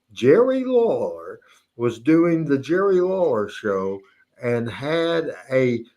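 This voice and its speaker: A man hosting a talk show, telling a long funny anecdote in a casual, animated way. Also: mid-range voice, muffled recording. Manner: animated anecdote teller, mimics voices. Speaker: host. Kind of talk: casual storytelling.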